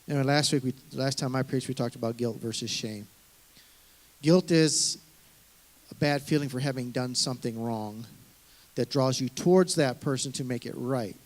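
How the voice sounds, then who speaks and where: Middle-aged male pastor, mid-pitched and earnest, conversational sermon delivery with frequent restarts. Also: normal speed.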